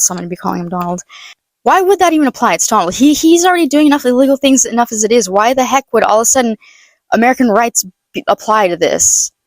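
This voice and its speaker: A woman's voice: fairly high pitch, no room sound. A young woman giving a blunt, sarcastic, profane political rant in a casual vlog, stumbling and restarting often. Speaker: political vlogger. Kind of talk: casual ranting monologue.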